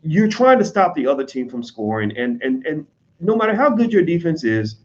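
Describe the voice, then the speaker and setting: A man's voice: fairly high pitch, very animated. Blunt profane American man, lo-fi audio. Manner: blunt and profane, mimics people in quick asides. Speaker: online commentator on business. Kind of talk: casual unscripted monologue.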